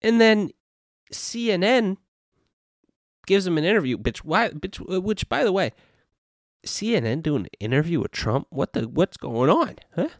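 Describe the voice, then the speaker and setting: A man hosting a solo podcast, rambling in a casual, profane, animated way into a podcast microphone. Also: high voice, normal speed, dry recording, studio quality. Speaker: podcast host.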